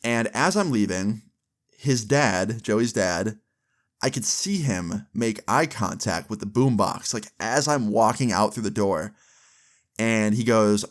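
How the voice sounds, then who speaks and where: A young man tells a story in a loose, rambling way, full of fillers. His voice sits on the low side. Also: animated, takes it slowly. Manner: rambling, lots of "like" and "dude". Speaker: vlogger. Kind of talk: casual storytelling.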